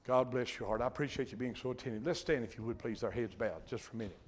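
A man's voice: mid-range voice, fast talker, slight background noise. An older man preaching a sermon in a folksy, earnest way, often breaking off mid-sentence and repeating himself.

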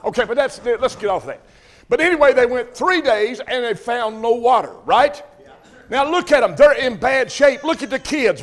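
A man's voice: extremely high pitch, animated, normal speed. An older man preaching a folksy sermon, calling questions out to his congregation.

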